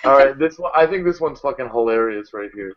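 A man's voice: mid-range voice, animated, fairly quick, a little hiss or hum. A man hosting a live video hangout, laughing hard and swearing freely. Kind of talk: casual chat. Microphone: video call. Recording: slightly dull video call audio.

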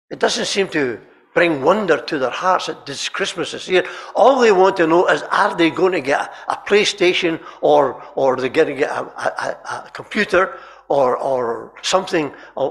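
A man preaching a sermon in a chapel, telling stories animatedly and often repeating words and clearing his throat. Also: a little high, a bit bright.

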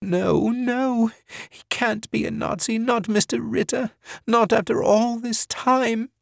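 A man's voice: high voice, steady tone, drawn-out words, no room sound, clean studio sound, pitched above the performer's own voice. A man putting on a gasping, terrified woman. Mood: terrified pleading. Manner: pleading, gasping. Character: terrified wounded woman begging for help.

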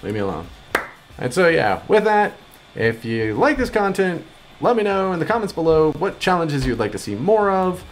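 A man hosting a gaming video, giving excitable gameplay commentary and yelping high when things go wrong. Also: moderate pace, slight background noise. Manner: excitable, yelps high-pitched when upset.

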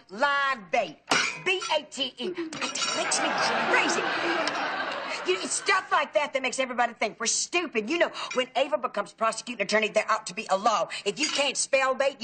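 An actress playing a talkative, fussy aunt in a sitcom. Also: female voice, a little high, lively intonation, normal speed, noisy background, lightly acted. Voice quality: talkative, fussy about pronunciation. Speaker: Aunt Frida, chatty relative. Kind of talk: sitcom acting. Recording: TV sitcom audio with audience laughter.

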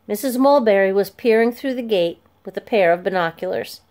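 A woman narrating a children's chapter book aloud in a clear, steady storytelling voice. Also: mid-range voice, fairly quick.

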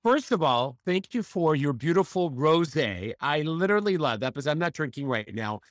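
A man's voice: a little high, big pitch swings, normal speed, no room sound, studio quality. A man in his fifties hosting a podcast, upbeat and enthusiastic in casual interview chat, laughing often. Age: 50s. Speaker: podcast host.

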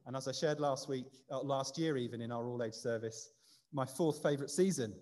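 A man's voice: mid-range voice, brisk, darkish tone. A man leading a light-hearted quiz in a church service, chatty and self-deprecating. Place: church building. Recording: long reverb of a church hall.

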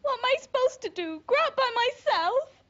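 A woman's voice: high-pitched, expressive, a little fast. An actress playing a sixteen-year-old runaway schoolgirl who craves attention, in a 1980s TV comedy-drama. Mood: tearful. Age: teens. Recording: dull lo-fi TV audio, faint hiss.

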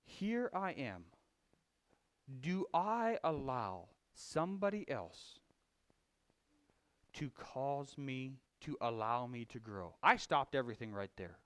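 A man preaching a conversational sermon, telling a folksy story with frequent restarts and swinging between loud emphasis and quiet confession. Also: medium pitch, big pitch swings, takes it slowly. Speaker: lay preacher.

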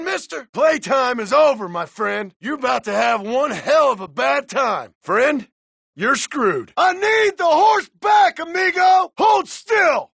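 John Marston, a gravelly gunslinger. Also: male voice, very high voice, bright, forceful tone, no room sound, heavily acted. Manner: barking threats and dry taunts. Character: gruff hardened male frontier gunslinger. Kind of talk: video game voice acting.

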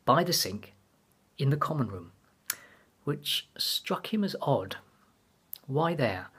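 Husky man reading a mystery. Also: mid-range voice, very animated, slow, fairly bright tone. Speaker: author. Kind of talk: reading his novel aloud.

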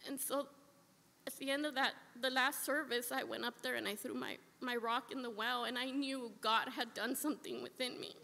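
Her testimony is heartfelt and earnest, with repeated phrases for emphasis, as this church member addresses a service in the sanctuary. She has a high-leaning, gravelly, bright, forceful voice, a steady tone, and a moderate pace. Long reverb fills the echoey hall.

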